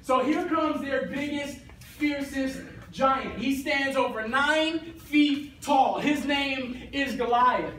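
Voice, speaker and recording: A man teaching a youth Bible class in a church classroom, telling the story in an animated, slangy way. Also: very high-pitched, takes it slowly, few pauses. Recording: echoey hall, distant mic, faint hiss.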